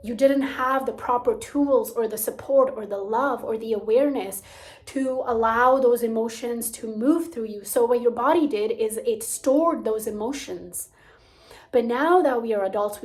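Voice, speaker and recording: A young woman hosting a gentle teaching talk on emotional healing, soft-spoken and slipping into near whispers. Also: a little high, moderate pace. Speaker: spiritual coach and channel host.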